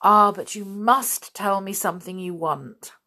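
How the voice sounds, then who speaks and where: A woman's voice: mid-range voice, measured pace, sharp tone, pitched above the performer's own voice. A woman voicing a grateful, earnest father in a storybook reading. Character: grateful, hearty wealthy father.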